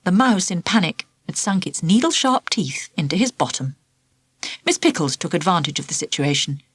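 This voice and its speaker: A woman narrating a children's storybook in an expressive, lively storytelling manner. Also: fairly low pitch, no echo. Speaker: audiobook narrator.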